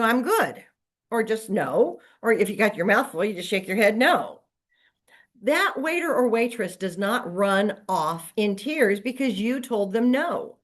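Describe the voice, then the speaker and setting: A middle-aged woman coaching real estate agents in a casual motivational talk, acting out quoted lines as she goes. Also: fairly high pitch. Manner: lively, conversational, acts out quoted lines.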